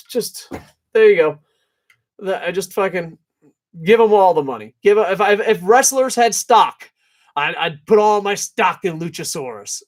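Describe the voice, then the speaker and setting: A man reviewing a wrestling event in a blunt, profane rant, dropping into mutters and then rising to shouts. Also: high voice. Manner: profane, blunt and opinionated, swings from mumbling to shouting. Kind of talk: ranting video review.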